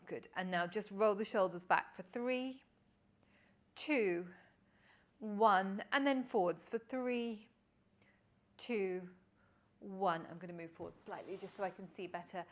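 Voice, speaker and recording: Woman calmly guiding a Pilates class. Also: mid-range voice, measured pace. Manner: calm, encouraging counting cues. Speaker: Pilates instructor. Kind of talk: guided exercise class instruction.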